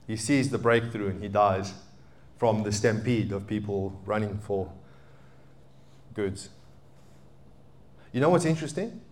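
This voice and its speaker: A man in his thirties preaching a sermon as a pastor, animated, swinging between loud emphatic peaks and quiet asides. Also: lowish voice, a little slow, pauses often, slight background noise. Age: 30s.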